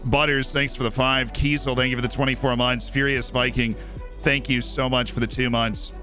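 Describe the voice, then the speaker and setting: A man chats through a livestream of his game with a sharp, bright edge to his voice. He sounds a bit worn out, his voice fraying after long hours, yet he stays upbeat and thanks viewers by name. Faint music plays behind him. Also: mid-range voice, little pitch movement, normal speed. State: tired, voice starting to go. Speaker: streamer. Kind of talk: casual game livestream commentary.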